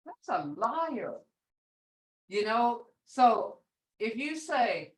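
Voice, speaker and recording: Older lady teaching on a zoom call, slow and patient, repeats words, voice jumps up and down a lot. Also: mid-range voice, big pitch swings, low-quality recording. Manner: patient, repeats words slowly to model tones. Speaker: language teacher. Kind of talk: online language class. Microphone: video call.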